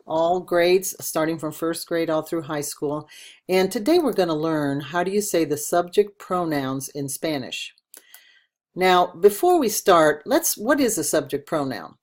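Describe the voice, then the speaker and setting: An older woman with a lowish voice, a retired teacher working from home, gives a patient language lesson and spells out words for her learners.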